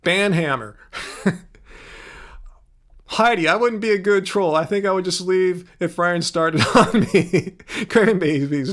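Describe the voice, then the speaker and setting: High voiced guy hosting a live stream, blunt, fed up with trolls. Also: a bit bright. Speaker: livestream host. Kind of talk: casual livestream chat.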